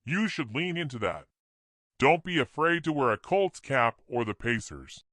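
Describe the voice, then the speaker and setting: A man voicing a male campaign strategist with a German accent in a storybook reading, talking brisk and businesslike. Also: mid-range voice, big pitch swings, fairly bright tone, no room sound, studio quality, pitched above the performer's own voice.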